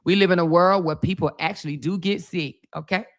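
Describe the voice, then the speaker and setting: A woman's voice: lowish voice, fairly quick. A woman, hosting a casual livestream, reading comments aloud and chatting in a sassy, laughing way, calling viewers baby and y'all. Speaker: livestream host.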